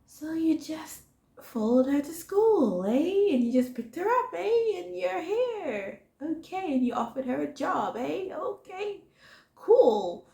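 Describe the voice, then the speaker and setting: A woman voicing an incredulous male coworker, asking slow sarcastic questions. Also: very high-pitched, very animated, creaky, warm tone, voice pushed up, full character voice. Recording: roomy echo.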